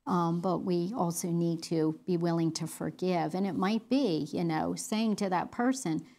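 A woman's voice: lowish voice, measured pace, warm tone. A middle-aged woman leading a women's Bible study, talking earnestly and conversationally with fillers and restarts.

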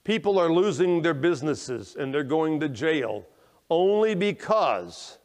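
A man preaches from the pulpit in a fairly high voice, swelling with emphasis on scripture and sinking low to reflect. He checks in with "okay?" and stumbles over restarts. His voice rings with the long reverb of a church hall. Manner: emphatic preaching, rising when quoting scripture, dropping low and quiet to reflect. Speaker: pastor. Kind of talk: sermon. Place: church sanctuary.

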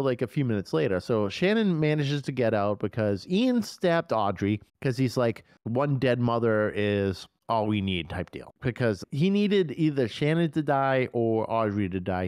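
Male podcast co-host, mid-range voice, lively and profane, dry close recording. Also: mid-range voice, dry recording. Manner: animated, profane, excitable retelling. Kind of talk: casual movie review chat.

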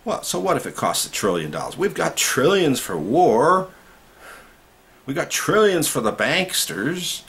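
A man giving an impassioned political monologue to camera, swinging between loud outbursts and low muttering. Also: sing-song, a little slow, creaky. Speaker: activist vlogger.

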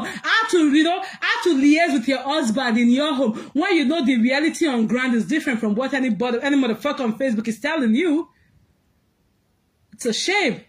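A Nigerian woman ranting in vlog commentary, mixing pidgin and English, laughing through her words and shouting out bursts as she scolds. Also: high voice. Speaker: social media commentator.

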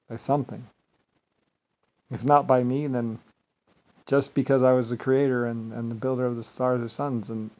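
Man with an average-pitched voice, rambling grandly to camera, volume rising and falling. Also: poor audio. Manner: meandering, repeats "like I said", swings between loud and quiet; grandiose, self-assured. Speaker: vlogger. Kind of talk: rambling solo monologue.

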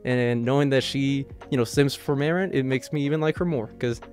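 Guy doing a rambling fan review, mid-pitched, eager, faint music underneath. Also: a little fast, a little mellow. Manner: enthusiastic, rambling, heavy use of "you know" and "like". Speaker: manga reviewer. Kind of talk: casual chapter review.

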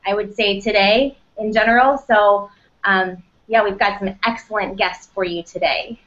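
A woman co-hosting a casual live web show. She talks in a relaxed way with fillers. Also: medium pitch, moderate pace. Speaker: co-host. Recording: dull lo-fi stream audio.

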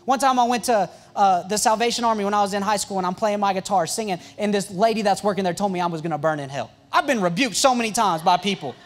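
A young man, a youth pastor, telling stories in an excitable, joking sermon full of quick asides and restarts. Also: sits high. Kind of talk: storytelling sermon.

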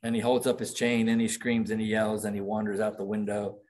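A man's voice: fairly low pitch, completely flat delivery, brisk, a little mellow, slight background noise. A middle-aged man preaching a sermon as pastor, reading quoted passages aloud with dramatic emphasis.

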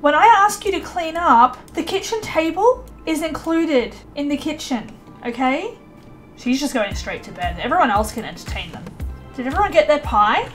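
A young woman chatting through a life-sim game, bossing the characters around and laughing often. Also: high voice. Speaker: let's play gamer. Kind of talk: casual gameplay commentary.

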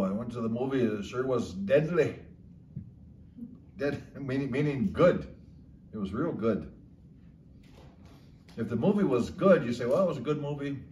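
A man's voice: medium pitch, a little mellow, slight background noise. A man casually explaining local slang words, chuckling often as he talks. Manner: slow, chuckling, drawn-out storytelling. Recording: echoey room, slightly distant mic.

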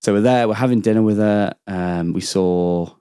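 Low-voiced man telling a rambling story. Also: moderate pace, mellow, clear, resonant tone, no echo, clean studio sound. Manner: rambling anecdotal storytelling, lots of swearing and restarts. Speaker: podcast guest. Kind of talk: casual chat.

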